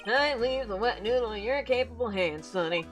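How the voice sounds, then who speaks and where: A woman voicing an eccentric, doting older man who speaks loudly and drags out his words, with game music behind. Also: fairly high pitch, expressive, moderate pace, voice pushed up, natural voice. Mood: proud. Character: eccentric rambling old man, doting father figure.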